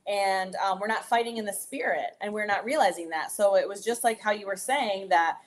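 A woman's voice: mid-range voice, a little fast. A woman co-hosting a casual Bible talk, adding thoughtful reflections and affirming her partner. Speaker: co-host.

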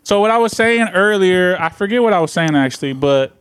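A young man hosting a casual podcast, rambling, a bit drunk and laughing loudly. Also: sits high, expressive, a little fast, smooth, dry recording. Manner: rambling, tipsy, loud laughing. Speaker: podcast host. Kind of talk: casual chat.

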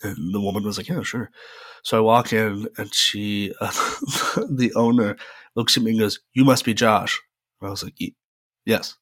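A young man tells a personal story in a loose, rambling way, dotting it with "uh" and "um". His voice sits a little low, and the recording is close and dry with no room sound. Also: level tone, normal speed, fairly bright tone, no room sound. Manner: chatty, rambling, frequent "uh" fillers. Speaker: podcast host. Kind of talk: casual solo storytelling.

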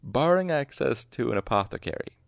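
A man's voice: medium pitch, lively intonation, brisk, vocal fry, no room sound, pitched above the performer's own voice. A man reading aloud, voicing a dry male chemistry master who asks terse, probing questions. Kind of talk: audiobook reading with voices.

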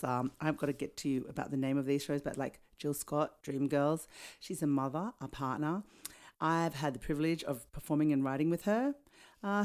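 A woman's voice: deep voice, a little mellow. A middle-aged Australian woman co-hosting a podcast in casual chat, giggly and rambling, often losing her place. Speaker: podcast co-host and singer.

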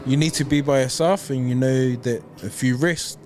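A man with a New Zealand accent hosting a podcast, affirming and encouraging his guest, and animated when he tells his own stories. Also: medium pitch, normal speed, slight background noise. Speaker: podcast host. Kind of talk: casual podcast conversation.

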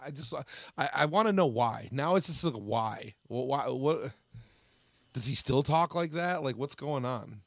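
A man's voice: medium pitch, expressive, a little slow, dry recording. A young man co-hosting a podcast, chatting casually and joking in a rambling way. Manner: rambling, joking, loose with restarts. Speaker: podcast co-host. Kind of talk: casual chat.

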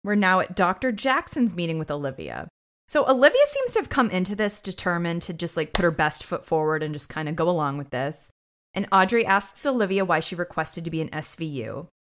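A woman co-hosting a podcast, recapping an episode in a casual, animated way. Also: on the low side, a little fast. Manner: animated storytelling with quoted voices. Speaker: podcast co-host.

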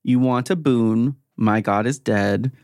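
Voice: mid-range voice, slow, a little mellow, no room sound, clean studio sound, close to an everyday voice. A performer playing a breezy cult leader. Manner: breezy, laid-back and noncommittal, with laughs. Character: cheerful male cult leader, easygoing and evasive.

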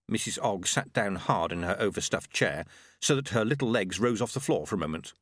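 Expressive male audiobook narrator. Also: on the low side, fairly quick, no room sound, clean studio sound. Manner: expressive storytelling. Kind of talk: scripted narration.

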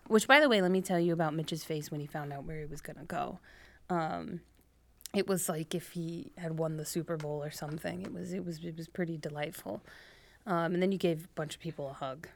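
A woman's voice: low-pitched, a little fast, creaky. A woman in her twenties co-hosting a casual podcast, chatty and playful with many fillers. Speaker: podcast co-host. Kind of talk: casual chat among medical students.

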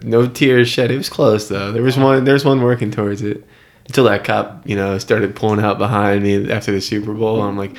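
Low-voiced young man telling a story. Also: brisk. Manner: relaxed, filler-heavy storytelling. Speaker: podcast co-host. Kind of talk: casual storytelling.

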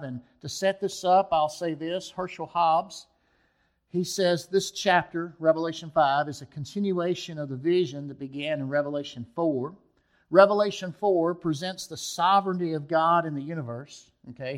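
A man preaching a sermon to his congregation, reading scripture and a poem aloud with rising emphasis. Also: a little high. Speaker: pastor.

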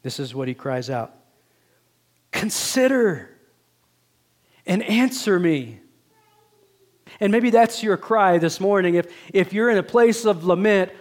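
A man with a high voice, preaching a sermon as pastor in a church. He talks in an earnest, conversational way and keeps dropping from pleading calls into quiet, hushed asides. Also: expressive, takes it slowly, long pauses. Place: church sanctuary.

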